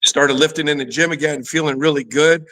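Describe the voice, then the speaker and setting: A man's voice: on the high side, fairly even intonation, a little fast, fairly bright tone, low-quality recording. Candid middle-aged man sharing a personal story. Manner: emotional, candid, lots of "you know" fillers. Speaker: guest, former pro football player and fitness trainer. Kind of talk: personal storytelling in a podcast interview.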